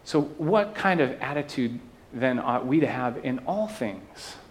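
A man's voice: medium pitch, animated, a little slow, a little hiss or hum. A man preaching a sermon to his church, talking conversationally and often checking in with the listeners. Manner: conversational preaching with asides and tag questions. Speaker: pastor.

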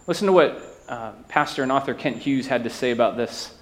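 A man's voice: mid-range voice, fairly quick. Man, pastor, conversational sermon, tag questions, mid-range voice.

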